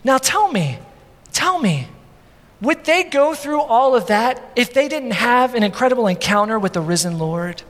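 Guy in his 30s preaching, kinda high voice, lots of "you know what i mean", long reverb. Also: normal speed. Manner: animated preaching, many repeats and asides. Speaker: pastor. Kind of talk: sermon.

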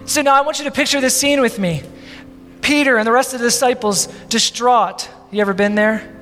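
A man with a very high voice preaches in a church, pressing the point with rhetorical questions and acting out the scenes he describes. His voice rings through a long, reverberant hall, with soft music playing underneath. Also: a little fast. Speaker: pastor. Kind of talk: sermon.

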